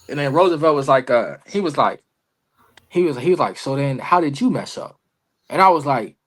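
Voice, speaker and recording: A man's voice: medium pitch, fast talker, slightly rough. A young man, a wrestler guest on a podcast, telling a story in casual slang and acting out the dialogue. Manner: animated storyteller, heavy slang, acts out quoted dialogue.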